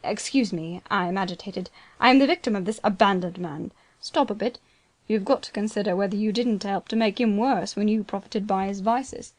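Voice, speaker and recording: A grave, plain-spoken older land agent, read by a woman, speaking in a quiet, slow, solemn way. His voice sits at a middle pitch and stays hushed and measured, like a storybook reading. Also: dry recording, close to an everyday voice. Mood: indignant.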